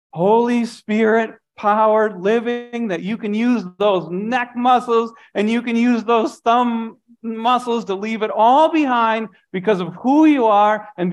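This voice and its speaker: Pastor guy preaching, pretty high voice, earnest, repeats stuff, goes quiet to make a point. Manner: earnest, repeats phrases, drops to soft emphasis. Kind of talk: sermon.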